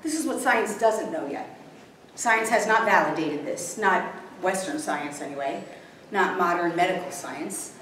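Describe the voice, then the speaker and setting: Here the woman's voice sits fairly low and sounds slightly bright, delivered at a measured pace. She's presenting a spiritual workshop to people in the room, repeatedly checking they understand. Captured from a distance in a highly echoey space, the audio carries faint noise.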